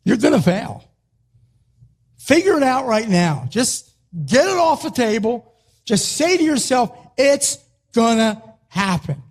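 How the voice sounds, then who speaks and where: A man delivers a rousing motivational talk, his voice pitched high for a man. He hammers short phrases again and again like a wrestling coach pushing his team. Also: big pitch swings, a little slow, pauses often, slightly rough. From Philadelphia, US. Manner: emphatic, punchy, repeats short phrases. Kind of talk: motivational speech.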